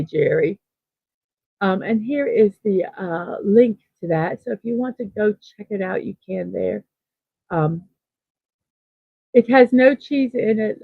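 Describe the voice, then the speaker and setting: A woman's voice: medium pitch, creaky, slightly rough, no echo. A woman hosting a daily morning livestream, chatting casually and reading out viewer comments, upbeat and full of fillers. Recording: tinny phone-like sound, dry.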